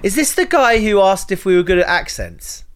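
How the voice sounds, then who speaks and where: Jokey man with a lively voice. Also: high-pitched, moderate pace. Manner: jokey, laughing asides. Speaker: podcast co-host reading a script. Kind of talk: casual comedic chat.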